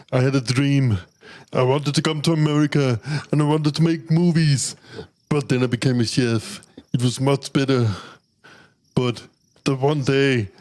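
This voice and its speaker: A man's voice: mid-range voice, a little mellow, natural voice. A man voicing a boastful older male fried-chicken chef in a game, speechifying earnestly about his dream.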